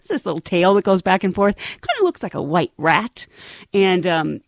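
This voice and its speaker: A woman's voice: medium pitch, big pitch swings, moderate pace, no room sound. A woman flight attendant spins a playful work story, her voice swooping up and down. She laughs often between her lines. The sound is close and dry, with no room around her. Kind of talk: casual anecdote.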